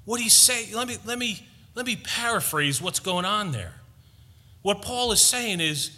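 Emphatic preacher in a reverberant hall. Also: male voice, sits high, a little slow. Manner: animated, emphatic preaching with playful asides. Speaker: pastor. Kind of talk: sermon.

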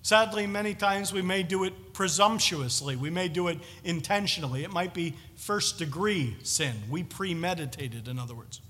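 Male preacher, high and bright, earnest expository sermon, reverberant hall. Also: moderate pace, few pauses.

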